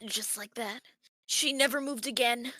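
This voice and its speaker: An excitable, high and bright narrator telling a scene loudly and breathlessly, as a woman reads it, recorded dry with faint music behind. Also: a little slow, no echo. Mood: dramatic. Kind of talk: fan dub narration.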